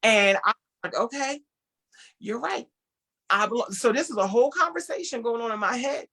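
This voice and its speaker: This clothing designer, a guest on an interview program, speaks with a fairly high, slightly rough voice and a fairly quick delivery. Animated throughout, she performs the dialogue of the characters in her story and describes herself as an introvert.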